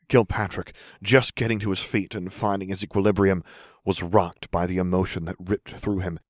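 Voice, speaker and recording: A man narrating an audiobook in a measured, intense way, dropping to a whisper for inner thoughts. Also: low-pitched, dry recording, studio quality.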